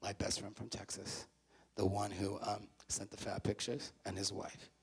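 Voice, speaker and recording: Gravelly New man, animated speaker. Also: lowish voice, normal speed. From the Bronx, New York. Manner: animated, swings from hushed to loud. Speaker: motivational speaker. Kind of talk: live motivational talk to students. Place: university auditorium.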